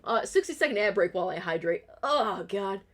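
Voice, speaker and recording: A woman's voice: mid-range voice, animated, fairly quick, fairly bright tone. A woman streamer in a casual, profane rant, heated and exasperated, firing off complaints with restarts. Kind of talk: casual ranting commentary.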